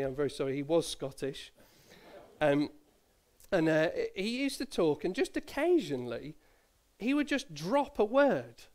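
Chatty preacher, slightly high voice. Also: male voice. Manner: conversational, self-deprecating, with asides and small laughs. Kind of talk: sermon. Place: church.

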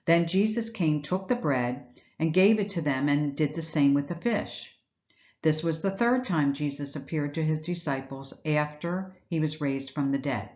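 A woman's voice: deep voice, moderate pace, darkish tone, highs cut off. A woman giving an earnest, reflective Easter devotional message, retelling scripture and asking rhetorical questions. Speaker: Bible teacher.

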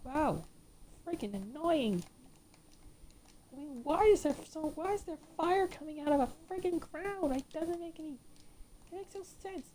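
High, slow-talking ranting gamer woman. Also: lively intonation, mellow, slight background noise. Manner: ranting, frequent swearing at the game. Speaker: let's play gamer. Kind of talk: gameplay commentary.

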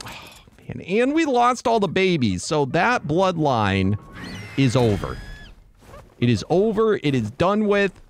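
A man's voice: fairly high pitch, big pitch swings, takes it slowly, a little hiss or hum. A man giving live gameplay commentary, swinging between frantic yelps and muttered groans. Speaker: gameplay streamer.

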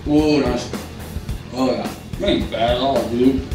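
Man, laid-back crude vlog talk, slow, distant mic in an echoey room, guitar music behind. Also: mid-range voice, steady tone. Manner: slow, casual, crude, talks with food in mouth. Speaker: food review vlogger. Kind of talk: casual spicy food challenge vlog. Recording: roomy audio from far mic with guitar music.

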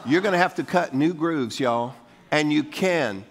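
An older pastor preaches in a church sanctuary, folksy in manner and coaxing the congregation to repeat lines after him. His voice is on the high side, expressive, and a little slow, with long hall reverb from the room.

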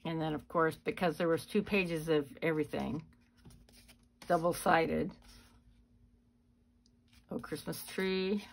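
A woman walks through her handmade cards in a casual, chatty way. Her voice sits a little low, and she talks at a slow, easy pace. A faint hiss runs underneath. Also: fairly even intonation. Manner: chatty, unhurried walk-through. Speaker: card-making channel host.

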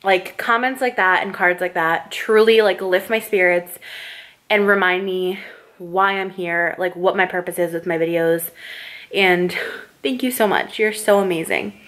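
A young woman vlogging to her camera at home at night, gushing and excitable, peppering her talk with "like". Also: fairly low pitch, unhurried. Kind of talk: casual vlog talk to camera. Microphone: camera mic, handheld and tripod.

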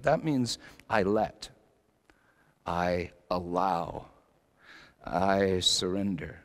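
A middle-aged male pastor preaching a sermon, swinging between loud emphatic lines and hushed low phrases. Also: takes it slowly, long pauses. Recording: long hall reverb.

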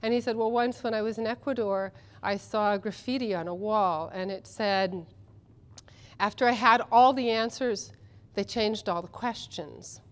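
A woman's voice: medium pitch, moderate pace. A woman who translates literature, speaking at a conference panel in a chatty, enthusiastic way with many ums and restarts. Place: conference session room.

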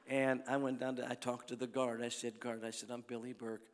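An older man preaching at a crusade, telling folksy stories in a sermon that swings from soft talk to loud exhortation. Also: medium pitch, completely flat delivery, fairly quick, few pauses, a little hiss or hum. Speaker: evangelist preacher. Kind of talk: sermon with storytelling. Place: large church or arena at a crusade. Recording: long hall reverb.

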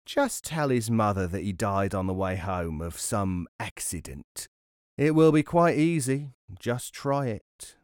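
A man's voice: lowish voice, sing-song, measured pace, a little mellow, clear, resonant tone, dry recording, clean studio sound. A man doing sly wheedling thieves. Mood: coaxing. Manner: wheedling, coaxing. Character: sly, greedy grown male thieves.

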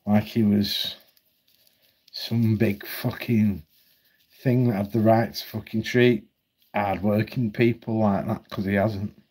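Husky, foul-mouthed man. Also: on the low side, steady tone, slow, long pauses, darkish tone. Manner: profane, blunt and heated. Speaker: vlogger. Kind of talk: ranting commentary.

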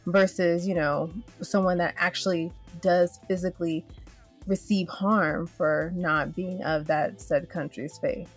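A woman hosting a casual conversation, speaking in a thoughtful, measured way with some fillers. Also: lowish voice, steady tone, husky, soft background music. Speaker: host.

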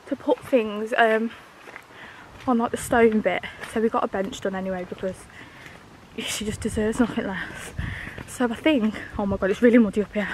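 A woman's voice: fairly high pitch, a little hiss or hum, rough recording. Breathless young woman vlogging outdoors. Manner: chatty, fast, anxious rambling. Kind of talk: casual vlog chat. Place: outdoors walking through woods and hills.

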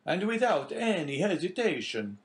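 Brief: keen young sailor voiced by a man, raised pitch, excited, generous. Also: normal speed. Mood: eager. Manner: lifted, excited and louder than the narration. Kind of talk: audiobook character reading.

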